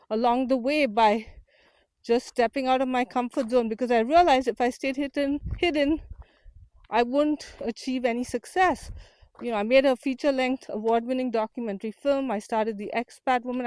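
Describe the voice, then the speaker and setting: A woman's voice: on the high side, darkish tone, dry recording. A woman from India hosting an unedited walk-and-talk vlog outdoors, earnest and motivational, a little out of breath from walking uphill. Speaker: community founder and host. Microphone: small portable mic.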